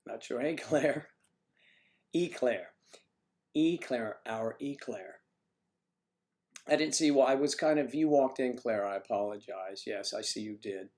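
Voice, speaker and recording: Pausing often and speaking a little slowly, this livestream host has a medium-pitched, darkish voice. He's at home nursing a cough, rambling chattily and joking with the chat. He keeps fiddling with the microphone on its stand.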